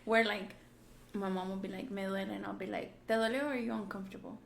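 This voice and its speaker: A woman in her thirties co-hosting a podcast, telling stories in a relaxed way, mixing English and Spanish and saying "like" often. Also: medium pitch, fast talker, vocal fry. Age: 30s. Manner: relaxed storytelling, mixes English and Spanish, peppered with "like". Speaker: podcast co-host. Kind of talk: candid casual chat. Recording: echoey room with faint background noise.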